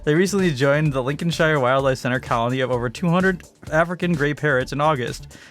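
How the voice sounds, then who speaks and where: A man's voice: fairly high pitch, a little fast, soft background music. A man co-hosting a live podcast, chatting casually, telling stories and reading news, laughing often. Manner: laughs often, animated storytelling. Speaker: podcast co-host.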